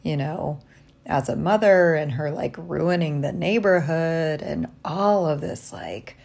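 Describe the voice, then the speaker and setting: A woman talking through a personal diary vlog from a hotel room, reflective and halting, tired after little sleep. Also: deep voice, creaky. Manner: reflective, halting, soft-spoken. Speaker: vlogger.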